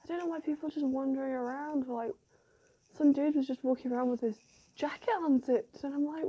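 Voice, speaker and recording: A young woman chatting casually in a vlog, often dropping into a hushed whisper and joking at her own expense. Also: high voice, normal speed, muffled recording, slight background noise. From United Kingdom. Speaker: vlogger. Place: indoors in a small warm room, then outdoors in snow and wind. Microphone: handheld camera mic.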